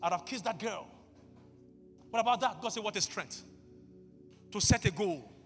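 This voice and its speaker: A pastor preaching a sermon, bursting into shouts and acting out conversations with God. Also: male voice, sits high, animated, moderate pace, long reverb tail, faint music behind. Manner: acts out dialogues with God.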